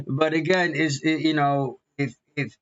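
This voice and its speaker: A man talking as a minister in a rambling, earnest casual monologue, repeating himself and restarting sentences. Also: on the high side. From United States. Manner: repetitive, restarts often, earnest. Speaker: vlogger and minister. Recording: dull lo-fi sound.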